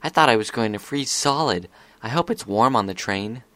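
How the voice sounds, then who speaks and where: A man's voice: mid-range voice, lively intonation, moderate pace, a bit bright, dry recording, close to an everyday voice. A man voicing a grumpy, shivering young pegasus filly who mumbles and grumbles. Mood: grumbling.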